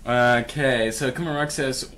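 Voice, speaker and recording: A man's voice: mid-range voice, fairly even intonation, unhurried, a bit bright, slight background noise. A man hosting a casual live stream, joking around and reading chat messages aloud. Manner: laid-back, jokey, reads chat aloud.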